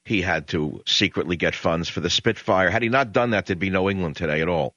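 Deep-voiced older New York man ranting. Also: brisk, fairly bright tone, no room sound. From Queens, New York. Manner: rambling, emphatic, with frequent hesitations. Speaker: radio talk show host. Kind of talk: opinionated talk radio monologue. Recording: dull lo-fi broadcast audio.

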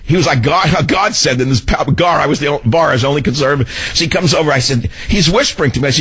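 A man's voice: on the high side, fast talker, few pauses, fairly bright tone, husky. A man hosting a talk radio show from a studio, telling a story in a combative, indignant way with mocking asides.

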